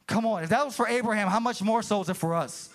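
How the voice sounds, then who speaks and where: A man's voice: high-pitched, fast talker. A man pastor preaching an impassioned sermon to a church congregation, calling out to the room. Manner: impassioned preaching, calls to the room, rising and falling. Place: church sanctuary.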